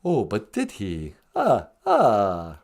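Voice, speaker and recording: A man's voice: fairly low pitch, huge pitch swings, gravelly, a little mellow, pitched below the performer's own voice, exaggerated voice. A man voicing a theatrical, self-pitying male vampire count with a mock Transylvanian drawl and an "ah, ah" cackle, in a comedic call-in sketch. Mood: tearful. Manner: slow, melodramatic, self-pitying.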